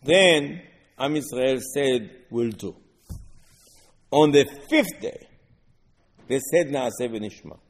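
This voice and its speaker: A man giving a Torah lesson, explaining verses line by line in halting non-native English mixed with Hebrew. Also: medium pitch, expressive, long reverb tail. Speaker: Torah teacher.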